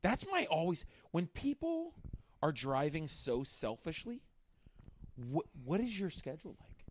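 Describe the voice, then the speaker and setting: A man's voice: on the high side, measured pace, a little hiss or hum. A man co-hosting a podcast in casual chat, talking with lots of fillers and easy swearing. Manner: animated, swears freely, many fillers. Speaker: podcast co-host.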